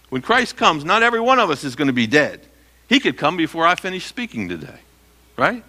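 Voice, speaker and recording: A man's voice: a little high, sing-song, a little fast, pushed and bright. A middle-aged man preaching a sermon as pastor, emphatic and quizzing his listeners with questions he answers himself. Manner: emphatic, asks the congregation questions and answers them.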